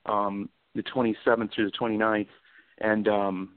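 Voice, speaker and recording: A man's voice: fairly low pitch, flat delivery, normal speed, no echo. A male author and guest, reading his book aloud dramatically and then chatting in an enthusiastic, rambling way. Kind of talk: casual chat and dramatic reading. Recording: dry, phone-like sound.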